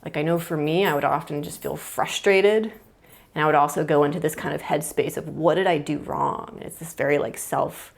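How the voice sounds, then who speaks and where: Young adult woman, therapist, lowish gravelly voice, casual thoughtful explainer with fillers. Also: fairly even intonation, fairly quick. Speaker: mind-body therapist. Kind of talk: explaining at a whiteboard.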